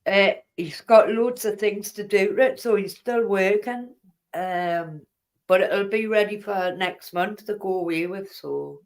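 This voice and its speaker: A woman's voice: mid-range voice, unhurried. Chatty woman. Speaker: chat guest. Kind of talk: casual chat.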